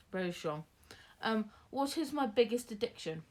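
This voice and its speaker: A woman's voice: fairly high pitch, moderate pace. A young woman, chatting casually through a Q&A, rambling with lots of fillers and restarts. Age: young adult. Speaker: vlogger. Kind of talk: casual Q&A chat.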